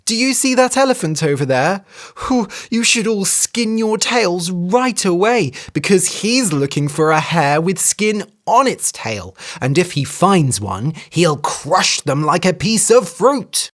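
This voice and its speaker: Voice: mid-range voice, big pitch swings, unhurried, a bit bright, voice pushed up. A reader putting on a chirpy sly little hare. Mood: breathless, sly. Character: wily cheeky female hare.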